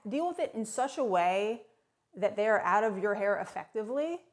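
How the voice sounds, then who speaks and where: Woman, tongue-in-cheek advice monologue, brisk, sardonic, mock-serious. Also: mid-range voice, animated. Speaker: comedic advice vlogger.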